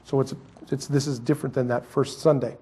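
A male pastor preaching a sermon, swinging between loud emphatic lines and quiet asides. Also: mid-range voice, little pitch movement, brisk, breathy edge.

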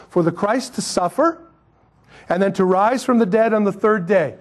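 A male pastor preaching a sermon, swinging between loud emphatic lines and quiet asides. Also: high voice, normal speed.

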